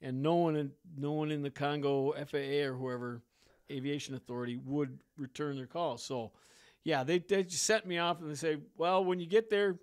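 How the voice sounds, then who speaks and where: A man with a somewhat high voice tells his adventures as a ferry pilot in a relaxed interview. He slips into the voices of the people he met and laughs along as he goes. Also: moderate pace, smooth. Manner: animated storyteller, acts out dialogue, laughs often. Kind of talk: casual storytelling interview.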